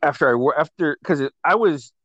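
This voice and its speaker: Profane storytelling man, slightly high voice. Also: brisk, no room sound, lo-fi sound. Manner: profane, animated storytelling with laughter. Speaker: host. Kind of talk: casual storytelling chat.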